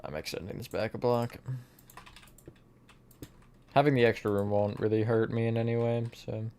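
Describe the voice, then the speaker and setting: A man's voice: fairly low pitch, fairly even intonation, normal speed, a little mellow, smooth. A man streaming live, chatting casually with his viewers while he builds, often laughing at his own slips. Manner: chatty, self-mocking, answers chat mid-task.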